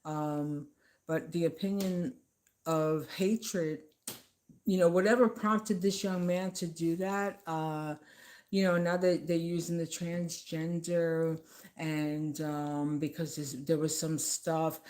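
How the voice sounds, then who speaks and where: A woman's voice: sits low, fairly even intonation, slow pace, darkish tone. Emphatic woman ranting at home. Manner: emphatic, repeats phrases, scolding. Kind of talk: casual political rant to camera.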